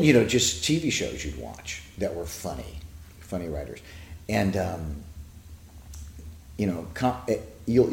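Older guy telling stories with lots of restarts, lowish voice, echoey room. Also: a little mellow. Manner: rambling storyteller who acts out quotes. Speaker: guest, TV writer. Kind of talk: casual interview chat.

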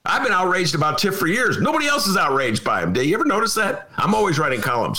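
A man's voice: on the high side, wildly swooping pitch, a little fast, pushed and bright. A man hosting a talk show from his apartment, in a mock-outraged, theatrical manner that breaks into laughter at his own jokes. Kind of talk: comic casual monologue. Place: home apartment.

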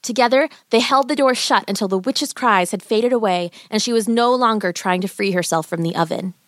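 A woman narrating a children's fairy tale in a gentle, even storybook reading. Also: mid-range voice, a little fast, no room sound, studio quality.

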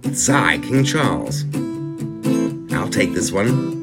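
A man's voice: on the low side, sing-song, loud music behind the voice, exaggerated voice. A man doing a comic voice of a smug, newly crowned old king who gloats crudely and drags his words out. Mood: gloating. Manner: boastful, crude, drawn-out gloating.

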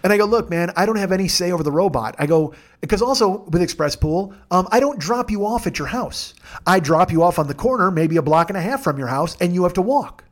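High-voiced man telling profane comic stories. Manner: profane, animated, acts out dialogue in quick voices. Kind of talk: casual comedic storytelling. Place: a friend's house.

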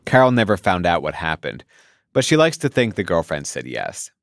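A man's voice: sits low, very animated, moderate pace, no room sound, studio quality. A man hosting a radio feature, narrating and interviewing with a wry, conversational manner. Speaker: radio host. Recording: voice over loud background music.

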